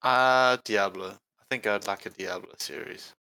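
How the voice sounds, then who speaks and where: A man's voice: on the low side, unhurried, pushed and bright, smooth, low-quality recording. A man in a casual podcast chat, hesitant with fillers and laughing often.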